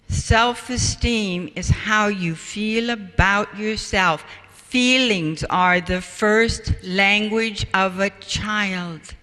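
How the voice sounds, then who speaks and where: A man giving a public talk, telling stories in an animated, deliberate way. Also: high-pitched, a little hiss or hum. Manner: animated storytelling, slow and deliberate. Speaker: speaker. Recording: echoey hall, distant mic.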